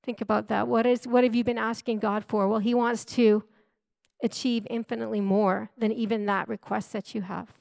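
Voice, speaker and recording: Earnest woman preaching, higher-pitched voice. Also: level tone, normal speed, vocal fry, darkish tone, no room sound. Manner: earnest, emphatic, repeats key phrases. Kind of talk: sermon.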